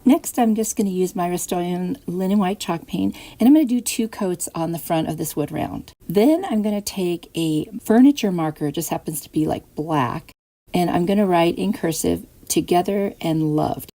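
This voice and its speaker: A woman's voice: fairly low pitch, moderate pace. A woman hosting a craft channel, chatting casually through each step of a DIY tutorial voice-over. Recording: soft music behind.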